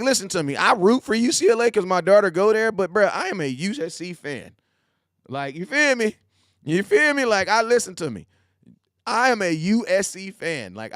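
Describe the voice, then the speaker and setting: A man in his forties hosting a casual live sports talk stream, animated and repetitive, full of slang, talking straight to his chat. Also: high voice, dry recording, clean studio sound. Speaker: live show host.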